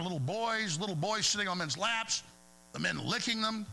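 A man's voice: sits high, lively intonation, normal speed, creaky, bright, forceful tone, rough recording. A man hosting a talk radio show, speaking in a heated, rambling monologue that stumbles over repeated words.

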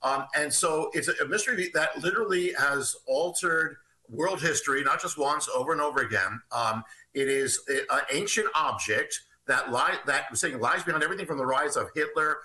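A man's voice: on the high side, pushed and bright, rough recording. A man guesting on a radio show as an author, telling a story at length in an earnest, expansive way. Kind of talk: radio interview, explaining a story.

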